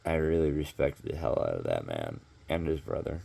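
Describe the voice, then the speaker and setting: Casting: low-voiced man with a gravelly fry, loose, profane vlog storyteller. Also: sing-song, moderate pace, warm tone. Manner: rambling, filler-heavy, profane. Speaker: vlogger telling a story. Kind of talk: casual storytelling monologue.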